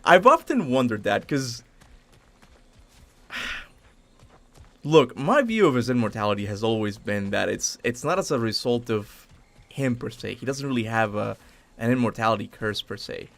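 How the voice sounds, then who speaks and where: Lively gravelly-voiced gaming streamer, a man. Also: medium pitch, unhurried, long pauses. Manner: rambling, self-correcting, laughs often. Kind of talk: casual live commentary over gameplay.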